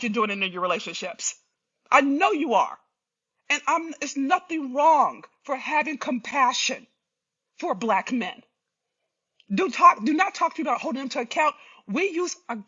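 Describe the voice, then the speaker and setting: High, bright-voiced woman, impassioned and direct. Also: muffled recording. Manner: emphatic, repeats rhetorical questions, slangy and direct. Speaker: healing coach hosting a live stream. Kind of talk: impassioned live-stream monologue.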